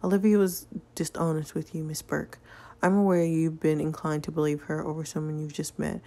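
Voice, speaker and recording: A woman's voice: low-pitched, flat delivery, fairly quick, warm tone. A woman voicing an earnest young man in a story game, speaking frankly and confronting an adult.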